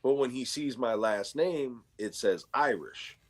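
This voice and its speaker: A man hosting a casual chat, telling a story in an animated way, acting out the quotes and swearing freely. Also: mid-range voice, measured pace. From New York. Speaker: channel host.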